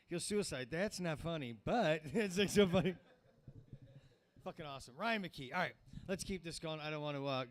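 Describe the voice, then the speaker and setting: A man in his fifties hosting a small comedy show, introducing acts with crude, rambling jokes. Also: medium pitch. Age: 50s. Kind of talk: stand-up emcee banter.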